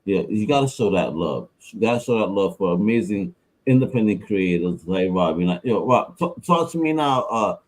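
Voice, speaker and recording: A man hosting a casual podcast interview, animated and slangy, laughing often and acting out quotes. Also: lowish voice, normal speed, poor audio. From New York. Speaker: podcast host.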